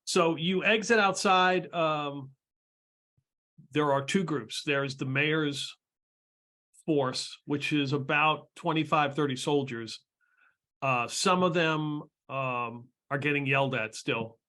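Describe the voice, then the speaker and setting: A man's voice: a little high, takes it slowly, pushed and bright. Hesitant male game master. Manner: rambling, hesitant. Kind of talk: narrating a tabletop game.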